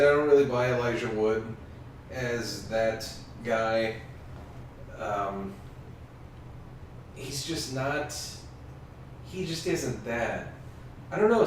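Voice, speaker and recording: A man co-hosting a movie review podcast, chatting casually with crude, deadpan jokes. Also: mid-range voice, heavy reverb, far from the mic, a little hiss or hum. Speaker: podcast co-host.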